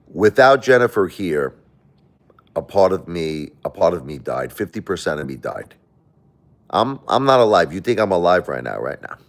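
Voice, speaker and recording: A middle-aged man with an extremely low, deep voice talks straight to his livestream viewers. He rambles and circles back, repeating phrases as he pours out a confessional monologue. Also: sing-song, moderate pace. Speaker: livestream host.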